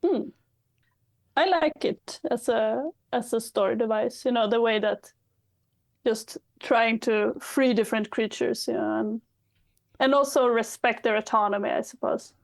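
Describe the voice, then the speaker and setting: A woman's voice: fairly high pitch, a little slow, gravelly. A woman guest on a podcast, chatting casually and thinking aloud with frequent hedges. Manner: thoughtful, hesitant, hedging. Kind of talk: casual chat.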